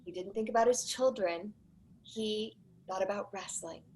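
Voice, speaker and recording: A woman in her forties, a documentary producer, chatting as a guest on a podcast with animated storytelling and quick asides. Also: medium pitch, poor audio. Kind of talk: casual interview chat.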